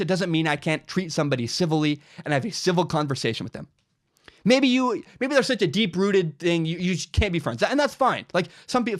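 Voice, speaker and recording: Young male host, solo opinion rant, passionate and repetitive, bright high voice with very lively pitch. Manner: animated, impassioned, repeats himself. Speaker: podcast host giving his opinion. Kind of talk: opinion monologue.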